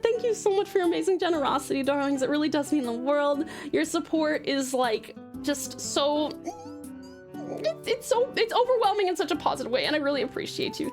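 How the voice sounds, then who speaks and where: A woman streamer with a mixed American and Australian accent, chatting casually and bubbly with her viewers. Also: high voice. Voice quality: bubbly and giggly, doting on chat. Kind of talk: casual live stream chat.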